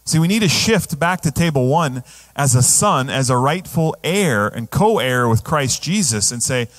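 A man's voice: medium pitch, animated, moderate pace. A male pastor preaching a sermon in a conversational way, often asking the congregation questions.

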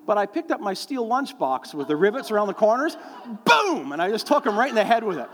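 A man's voice: sits high, very animated, a little fast. A middle-aged man preaching a sermon, telling folksy stories with lots of fillers and acting out the voices of people he quotes. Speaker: pastor. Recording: long hall reverb.

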